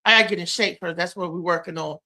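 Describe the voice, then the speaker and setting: A woman hosting a casual live-stream chat at home, animated, with loud exclamations. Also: fairly low pitch, fast talker. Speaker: host.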